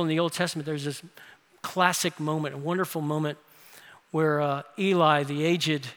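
A man's voice: a little high, pushed and bright. A man giving a sermon to his congregation as their pastor, earnest and emphatic, with rhetorical questions. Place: church sanctuary. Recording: long reverb of a large church.

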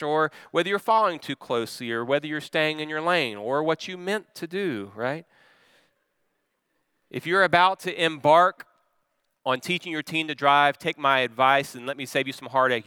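Bright, crisp middle-aged male preacher. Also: a little high, dry recording. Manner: expressive storyteller, swings from calm to loud. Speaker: pastor. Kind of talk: sermon with personal story.

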